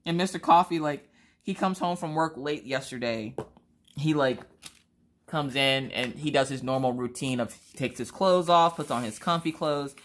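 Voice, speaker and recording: A woman's voice: low-pitched, normal speed, a little hiss or hum. Casting note: woman in her 30s, chatty storyteller who jumps into her kids' voices. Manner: animated, acts out family members' voices. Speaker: vlogger. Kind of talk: casual storytelling chat.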